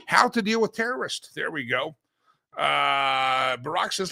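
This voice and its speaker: A man's voice: mid-range voice, very animated, brisk, gravelly, bright, forceful tone, no room sound. A man hosting a political talk show, joking around and chanting sing-song catchphrases. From Colorado, USA.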